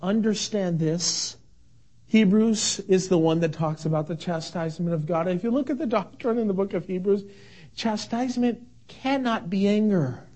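A man preaching a sermon with emphatic repetition, dropping to a hushed near-whisper and rising to fervent shouts. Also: high voice, normal speed. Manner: emphatic, repeats key words. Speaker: pastor; father of young sons.

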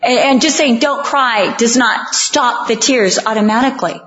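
Woman preacher, higher voice, slow and emphatic sermon delivery, dull lo-fi recording. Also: fairly bright tone. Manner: earnest, emphatic, slows down on key lines, acts out quoted voices.

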